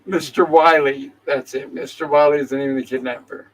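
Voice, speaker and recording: A man's voice: fairly high pitch, steady tone, a little fast, poor audio. A man hosting a casual show, retelling an episode's scenes in an easygoing way and reading characters' lines aloud. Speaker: host.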